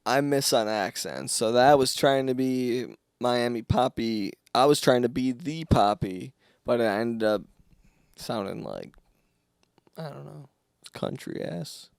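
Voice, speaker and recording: A young man co-hosting a casual comedy podcast at home, playful and quick to swear and joke around. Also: mid-range voice, creaky, clean tone, dry recording, studio quality. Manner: playful, swears, jumps into silly voices. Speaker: podcast co-host.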